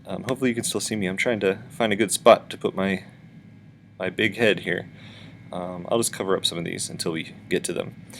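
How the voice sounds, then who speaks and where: A man's voice: low voice, steady tone, brisk, gravelly, fairly bright tone, a little hiss or hum. A man teaching a virtual music lesson for children, patiently explaining and chanting rhythm syllables.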